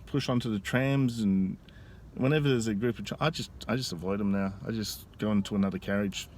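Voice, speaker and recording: A man telling a story in a casual vlog, speaking into a phone camera outdoors in a busy tourist area. He talks in a rambling, halting way with frequent restarts. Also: fairly low pitch, darkish tone, slight background noise. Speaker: vlogger.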